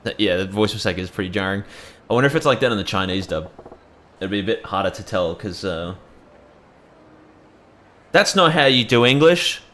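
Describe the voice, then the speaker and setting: A man's voice: deep voice, fast, fairly bright tone. A young man giving casual, joking let's-play commentary, rambling and swearing freely as he plays. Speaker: gameplay commentator.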